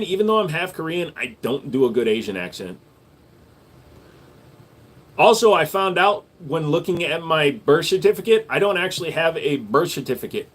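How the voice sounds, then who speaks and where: A man's voice: fairly high pitch, a bit bright. Blunt man chatting on a live stream. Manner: blunt, matter-of-fact. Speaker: live stream host and gun store owner. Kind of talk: casual live-stream chat answering viewers.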